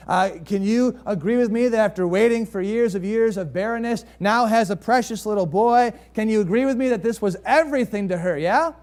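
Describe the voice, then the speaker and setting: A man preaching a sermon as pastor, telling a story with rhetorical questions to the congregation and swinging between lively rises and quiet, hushed drops. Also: high-pitched, a little fast, few pauses.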